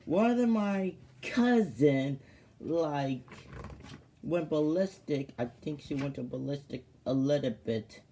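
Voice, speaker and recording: A man's voice: on the high side, expressive, takes it slowly, mellow, a little hiss or hum. A man casually telling a personal story to his viewers, rambling and full of fillers and restarts. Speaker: vlogger.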